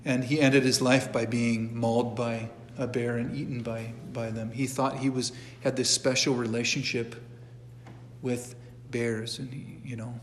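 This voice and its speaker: A middle-aged man teaching a catechism class in a church, speaking at an everyday pitch. He talks conversationally, often breaks off to restart a sentence, and drops in casual asides. His voice carries a long echo from the church hall. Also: flat delivery, a little slow, a little hiss or hum. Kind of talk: informal church class lecture.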